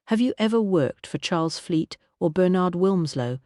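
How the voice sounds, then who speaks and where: A woman's voice: on the low side, expressive, moderate pace, dark tone, no room sound, studio quality, voice pushed up, natural voice. A woman voicing a brusque, blunt police inspector. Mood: interrogating. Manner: blunt, persistent.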